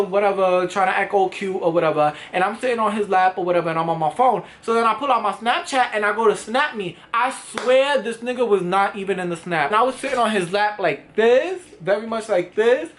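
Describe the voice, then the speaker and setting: A young man in his twenties, with a high-pitched and a bit bright voice, tells a dramatic, profane story to camera in a casual storytime vlog, acting out the other people involved.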